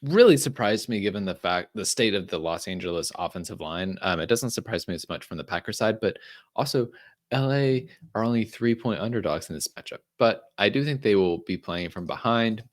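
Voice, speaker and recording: A man's voice: fairly low pitch, lively intonation, brisk. A man casually breaking down fantasy football picks as a show regular, with lots of ums and the odd dry sarcastic aside. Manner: chatty, frequent ums and restarts, dry sarcasm. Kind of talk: casual podcast chat.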